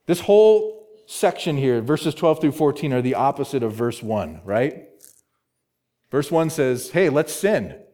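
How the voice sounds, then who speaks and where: A man's voice: mid-range voice, animated, unhurried, dark tone. A male pastor preaching an expository sermon, emphatic, repeating key words and asking rhetorical questions.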